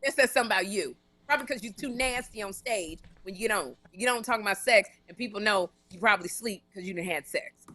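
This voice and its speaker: A woman co-hosting a comedy podcast live stream, telling a long story in an animated, run-on way with frequent restarts and blunt jokes. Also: medium pitch, brisk, hardly any pauses. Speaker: podcast co-host.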